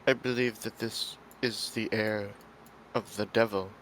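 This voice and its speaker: A man playing a tabletop game, weighing a contract dispute in character in a measured, judicial way. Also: fairly low pitch, steady tone, fairly bright tone, slight background noise, rough recording. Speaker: player.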